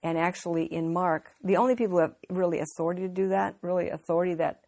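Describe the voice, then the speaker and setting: Woman bible teacher, low-ish voice, chatty sermon, lots of ums and restarts. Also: fairly even intonation, fast, warm tone. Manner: unscripted, with frequent fillers and restarts, earnest. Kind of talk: conversational sermon.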